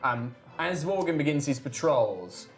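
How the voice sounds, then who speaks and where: A woman's voice: sits low, sing-song, measured pace. A woman narrating a tabletop game as game master, describing scenes in a rambling, laughing way with lots of fillers. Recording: background music.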